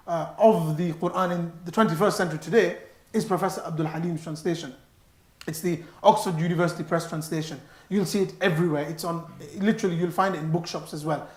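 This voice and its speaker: Animated man preaching in an echoey hall. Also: sits high. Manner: animated, stressing words, mixing Arabic phrases. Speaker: mosque speaker. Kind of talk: sermon. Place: mosque hall.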